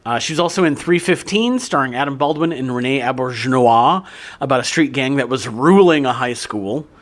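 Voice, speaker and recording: A man's voice: mid-range voice, expressive, a little fast. A middle-aged man co-hosting a podcast in casual chat, reading film trivia with joking asides. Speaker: podcast co-host.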